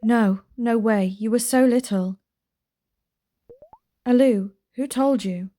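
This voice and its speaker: A woman's voice: a little high, slow pace, warm tone. A woman voicing a young single mother, pleading and defensive, as she reads game dialogue aloud. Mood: tender.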